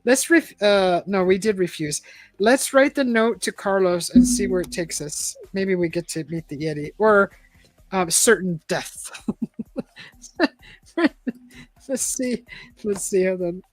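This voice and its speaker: A woman's voice: mid-range voice, measured pace, pauses often, no room sound. A woman hosting a casual live-stream, reading a choose-your-own-adventure book aloud, chatting and laughing often.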